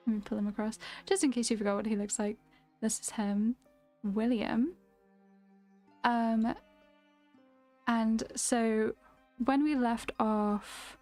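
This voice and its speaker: A woman streamer chatting casually, rambling with fillers and frequent giggles. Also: a little high. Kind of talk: casual chat. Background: lo-fi music.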